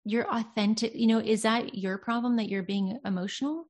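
A woman's voice: a little high, normal speed. A woman in her thirties talking in an earnest, flowing, reflective way in a casual conversation.

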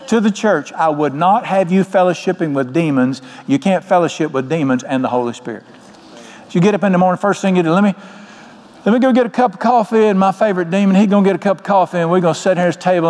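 A man's voice: fairly high pitch, darkish tone. An older man preaching a sermon as pastor, folksy and joking. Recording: long hall reverb.

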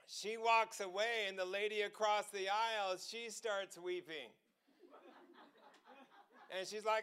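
A man preaching a testimony sermon, telling a story with frequent laughter and excitement. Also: high voice, measured pace, pauses often, smooth.

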